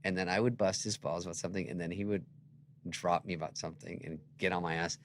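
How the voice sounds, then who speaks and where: A man who is a guest comedian, telling anecdotes in an animated way and acting out other people's lines. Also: sits low, fast, slight background noise.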